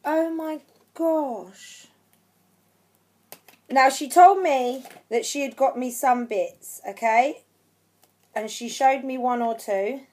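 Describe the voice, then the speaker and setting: A woman hosts a craft unboxing vlog in a high, bright-toned voice. She speaks slowly and gushes with thanks. She is so moved that she shakes with excitement and fights back tears. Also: a little hiss or hum. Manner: emotional, gushing with thanks; shaky with excitement. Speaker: craft channel vlogger.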